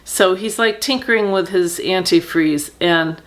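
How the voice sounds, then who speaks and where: A middle-aged woman tells her own story to the camera in a fairly low voice. She speaks earnestly and reflectively, halting often with fillers and restarts as she gathers her thoughts. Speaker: vlogger telling personal story. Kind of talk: candid personal storytelling.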